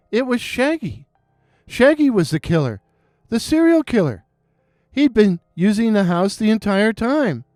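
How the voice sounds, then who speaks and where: A man narrating a scripted horror story in a measured, suspenseful way. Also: high-pitched, sing-song, darkish tone, dry recording, clean studio sound, soft background music.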